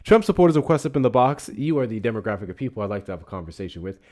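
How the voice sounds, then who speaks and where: A low-pitched man holds forth as a livestream host. His delivery is lively and full of swings, and he slips into profane, heated ranting as he comments. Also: rapid-fire. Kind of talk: casual political commentary.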